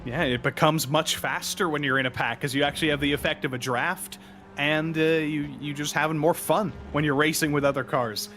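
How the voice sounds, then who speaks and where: A man giving relaxed color commentary on an esports race, chatting and joking between the action. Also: a little high, a little fast, a little hiss or hum. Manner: relaxed, chatty analysis with jokes.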